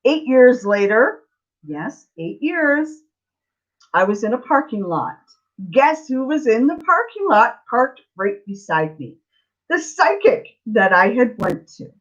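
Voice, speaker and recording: On a live Q&A stream, a middle-aged woman who does psychic tarot readings tells a casual story, blunt and chatty with frequent digressions. Her voice is a little high, swinging widely in pitch, and she takes her time. The audio is slightly dull lo-fi.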